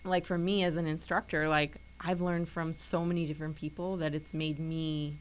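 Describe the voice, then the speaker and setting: A woman with a notably deep, low voice chats as a guest on a talk show. She is a martial arts instructor and talks loosely, leaning on fillers as she goes. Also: flat delivery, normal speed, poor audio. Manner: chatty, lots of "like" fillers. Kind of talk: casual chat.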